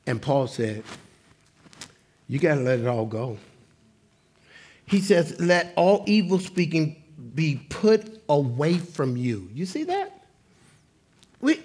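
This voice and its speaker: Animated, husky-voiced male preacher. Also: high-pitched. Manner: animated, conversational preaching with humor; lively, swings between loud exclamations and quiet asides. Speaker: pastor. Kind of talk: sermon.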